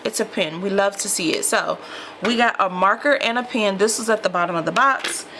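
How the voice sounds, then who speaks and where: A woman's voice: mid-range voice, brisk, bright, forceful tone, slight background noise. A woman vlogger chatting casually to her viewers while unboxing a mystery box, calling them y'all. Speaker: lifestyle vlogger.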